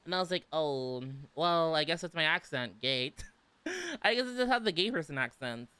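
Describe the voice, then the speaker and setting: Giggly bright-voiced American young man. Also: a little high, big pitch swings, normal speed, clear, resonant tone. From southern United States. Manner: giggly, chatty, filler-heavy with many "like"s. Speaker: vtuber streamer. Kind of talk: casual livestream chat reading comments.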